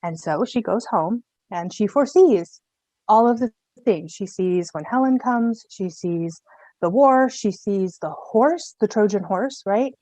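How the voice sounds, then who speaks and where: Panelist, woman, lively slangy storyteller, dry close sound. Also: mid-range voice, no room sound. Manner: animated, slangy, jokey retelling with voices. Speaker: mythology panelist. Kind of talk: casual storytelling.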